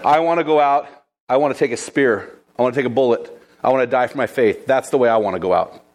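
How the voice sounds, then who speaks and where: Male preacher, casual and animated, talks straight to the congregation. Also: medium pitch, fast talker. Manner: lively, conversational, addresses listeners as guys. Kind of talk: sermon storytelling.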